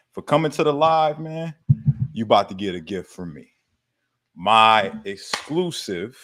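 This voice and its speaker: A man hosting a casual livestream Q&A about fitness, with laid-back slangy banter, frequent laughs and casual swearing. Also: lowish voice. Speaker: fitness coach hosting a live Q&A.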